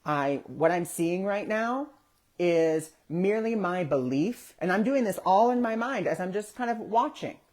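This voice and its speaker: A man with a high, expressive voice and a darkish tone speaks unhurriedly. He hosts a casual spiritual discussion on a social media live stream, telling stories animatedly and acting out the voices he quotes.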